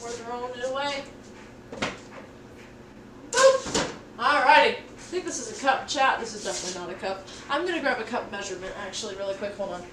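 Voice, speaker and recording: She talks fast and hardly pauses, her voice on the high side, as she cooks on a livestream in her home kitchen. A tired young woman, she chats to viewers in a rambling, playful way with sing-song asides. The background is noisy, kitchen clatter clearly audible.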